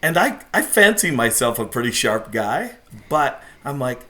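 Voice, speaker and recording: A man's voice: medium pitch, sing-song, unhurried, bright, forceful tone. A middle-aged man, a jiu-jitsu competitor and podcast guest, telling stories in a casual, intense and self-deprecating way. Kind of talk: casual storytelling.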